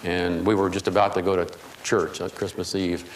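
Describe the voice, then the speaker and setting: A man delivers a keynote speech built on humorous personal stories. His voice sits on the low side. It carries a long reverb from a large hall, with faint noise underneath. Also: level tone, moderate pace. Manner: humorous, anecdotal. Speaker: keynote speaker. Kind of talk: storytelling speech.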